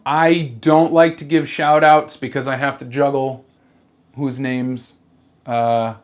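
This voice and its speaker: A trans person in a rambling comedic monologue, halting and sincere, with lots of fillers, restarts and casual swearing. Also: medium pitch. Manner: swears freely.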